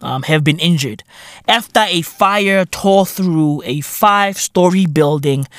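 A podcast host from South Africa talking in a casual, profane monologue, full of slang fillers and emphatic repetition. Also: male voice, sits high, slow pace, fairly bright tone, no echo, studio quality.

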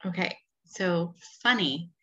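Casual female co-host, thirties, crisp bright tone, laughs easily. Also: fairly low pitch, slow, dull audio. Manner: animated, laughs often. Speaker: podcast co-host. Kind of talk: casual chat.

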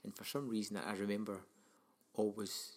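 A man's voice: on the low side, level tone, brisk, a little mellow, a little hiss or hum. A man, co-hosting a casual film review chat and rambling through his memories with plenty of ums. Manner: rambling, lots of ums and likes. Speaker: podcast co-host.

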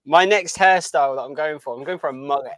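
A man's voice: fairly high pitch, quick pace, fairly bright tone, dry recording. Young guy on a podcast, rambles a lot and restarts, dead dry mic. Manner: rambling, enthusiastic, with many restarts. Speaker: podcast co-host. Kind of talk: casual chat.

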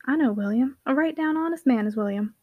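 A woman voicing a gruff but kindly older father who speaks bluntly and soothes his sons. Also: high voice, brisk, no echo, narrow, tinny audio.

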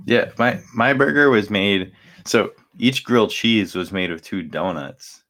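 Young guy with a really low voice, rambly podcast chat, lots of ums. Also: measured pace, fairly bright tone. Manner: rambling with many fillers and restarts. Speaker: podcast co-host. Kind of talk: casual chat.

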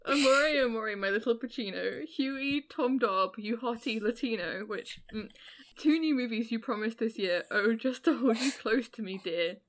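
A woman's voice: a little high, moderate pace, few pauses. Giggly young woman reading a poem. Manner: giggly, reads with mock drama. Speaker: podcast co-host. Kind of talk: casual chat, reading a fan poem aloud.

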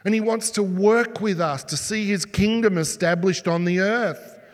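A man preaching a sermon, telling stories with animated delivery and throwing rhetorical questions at the congregation. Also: sits high, normal speed. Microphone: sermon mic, mask just taken off. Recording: long hall reverb.

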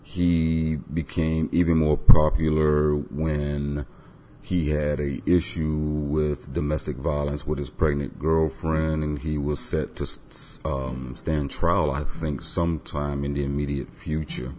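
A man's voice: a bass voice, little pitch movement, slow pace, mellow, a little hiss or hum. A man hosting his own music podcast, talking loosely with many ums and uhs. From Florida. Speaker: podcast host. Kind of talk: casual podcast monologue.

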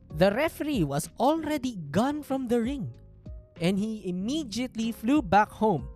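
A woman with a Filipino accent hosting a casual storytelling podcast, telling the story in an animated way. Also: medium pitch. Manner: animated, code-switching storyteller. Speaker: podcast host.

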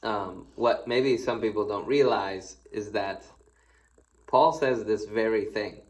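Slow, low-voiced pastor man. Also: a little mellow, poor audio. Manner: reads scripture aloud, then comments conversationally; folksy and playful asides. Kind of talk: casual devotional Bible teaching.

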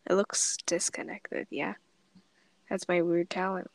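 A woman's voice: on the low side, little pitch movement, a little slow, gravelly, dry recording. A twelve-year-old girl chatting playfully on a remote call from a dormitory. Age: child, twelve. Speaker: co-host. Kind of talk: casual chat.

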